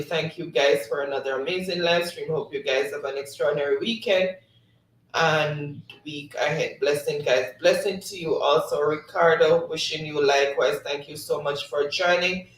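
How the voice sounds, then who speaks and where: A man's voice: a little high, roomy sound, recorded from a distance, low-quality recording. A man hosting a livestream, reading chat comments aloud and laughing often. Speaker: livestream host.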